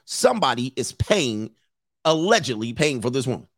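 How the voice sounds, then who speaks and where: A man's voice: medium pitch, big pitch swings, normal speed, no room sound, clean studio sound. A man giving blunt, opinionated commentary, lecturing his listeners and repeating phrases for emphasis. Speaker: commentator host.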